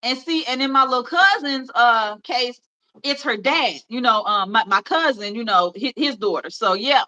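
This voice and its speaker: Bright-voiced Memphis woman chatting. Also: a little high, moderate pace, rough recording. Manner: rambling and chatty, with many fillers and laughs. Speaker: livestream host. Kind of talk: casual chat.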